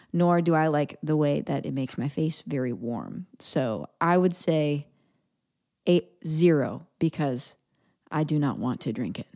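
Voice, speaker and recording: A woman in her thirties talks through a casual solo podcast episode in a low voice. She is playful and quick to laugh, and sometimes lowers to a whisper for an aside. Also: a little mellow. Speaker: podcast host.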